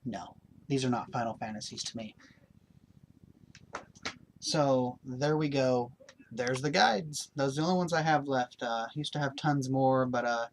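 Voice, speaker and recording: A man hosting a gaming video, chatting casually through his collection. His voice sits at an ordinary middle pitch, and he speaks bluntly with plenty of fillers. A faint hiss runs underneath. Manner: blunt, opinionated, rambling with fillers. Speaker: gaming channel host. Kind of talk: casual show-and-tell vlog.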